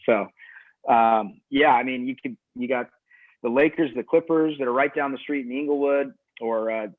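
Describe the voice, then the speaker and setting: A man's voice: mid-range voice, normal speed. A man speaks as a college tennis coach in a casual interview, easygoing and rambling, often restarting his sentences. His voice comes through a video call with thin, phone-like sound. The audio is dry, with no room echo.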